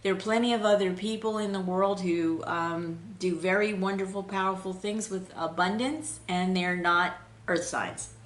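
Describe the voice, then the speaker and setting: A woman giving an unscripted spiritual tarot reading in a gentle, flowing way, pausing with fillers and restarts. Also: medium pitch, fairly even intonation, reverberant, a little hiss or hum. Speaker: intuitive tarot reader.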